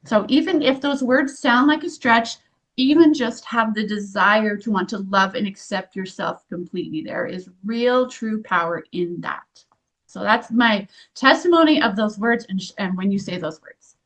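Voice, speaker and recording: A woman in her fifties leading a guided group workshop, speaking in a gentle, earnest way with frequent restarts. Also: medium pitch, moderate pace. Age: 50s. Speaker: energy healing workshop leader. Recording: dull lo-fi recording.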